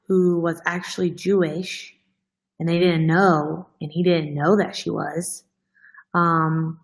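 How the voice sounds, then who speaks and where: A woman's voice: medium pitch, poor audio. A woman hosting a fitness coaching show, talking casually and earnestly to her followers, emotional and close to tears, with many fillers. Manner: earnest, heavy use of "like" as filler. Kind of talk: casual heartfelt talk to followers.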